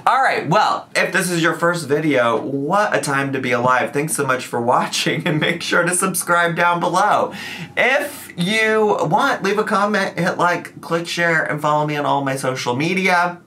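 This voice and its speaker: A man vents into his camera in an animated, chatty vlog style. His voice is bright and forceful and sits a little high, and now and then he slips into a joking southern twang. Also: normal speed. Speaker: YouTuber. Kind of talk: casual vlog rant.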